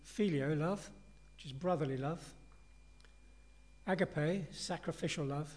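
A male preacher gives a sermon in a relaxed, conversational manner, earnest and reflective as he talks his congregation through a passage. His voice sits a little higher than most men's. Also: unhurried.

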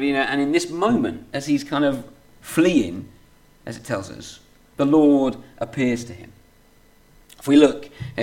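A man's voice: mid-range voice, a little mellow. Guy preaching a sermon, chatty, lots of kind of and you know, reads the bible passage out. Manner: conversational, many fillers like "kind of" and "you know"; reads scripture aloud steadily. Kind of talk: sermon with scripture reading.

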